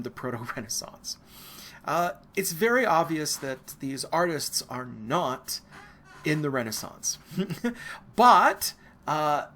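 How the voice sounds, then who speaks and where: Casual American male lecturer, bright, rambling asides, faint hiss under the voice. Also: fairly high pitch. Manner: casual, digressive, with asides and fillers. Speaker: art history lecturer. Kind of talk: recorded university lecture.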